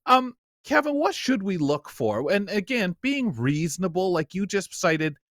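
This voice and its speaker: A man hosting a talk show in casual studio chat, animated, acting out quoted voices as he talks. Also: high voice, measured pace, dry recording.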